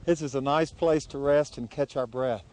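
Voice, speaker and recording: A man hosting a travel show outdoors on a high mountain trail, breathless from the altitude and full of wonder, asking many questions. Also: normal speed, darkish tone.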